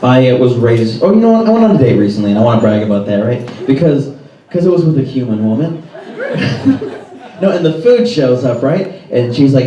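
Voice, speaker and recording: A man doing a stand-up set in a toy store, quick self-mocking jokes, laughing at his own punchlines. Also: mid-range voice, big pitch swings, noisy background. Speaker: stand-up comedian. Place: toy store with live crowd. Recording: roomy live sound from far off with crowd.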